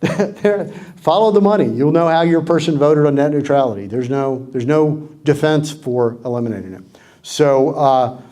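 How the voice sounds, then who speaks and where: A man's voice: on the high side, moderate pace, warm tone. A middle-aged man speaking as guest at a club meeting, with wry, joking sarcasm and a dry delivery. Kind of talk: political club talk with Q&A. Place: community clubhouse meeting room.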